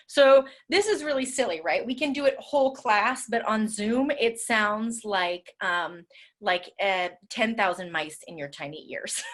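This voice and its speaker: Animated, chatty woman teacher on a video call. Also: on the high side. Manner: animated, chatty, many fillers. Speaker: drama teacher leading a workshop.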